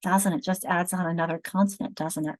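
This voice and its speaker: A woman's voice: lowish voice, steady tone, fairly quick, darkish tone, no room sound, low-quality recording. A woman leading a teacher-training session on reading, explaining patiently and checking in with rhetorical questions. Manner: explanatory, counts words aloud and asks rhetorical checks. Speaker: literacy trainer.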